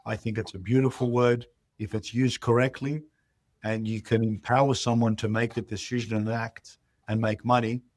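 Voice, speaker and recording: A man speaking as an interview guest, animated and quick to act out the voices in his stories. His voice sits at an everyday middle pitch. The sound is close and dry, with no room around it. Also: no room sound. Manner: animated, acts out dialogue in stories. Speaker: real estate CEO, guest. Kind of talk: interview storytelling.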